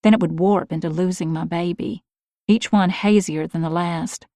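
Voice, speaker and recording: A woman narrating a first-person romance audiobook in a calm, reflective manner. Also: on the low side, moderate pace, dry recording.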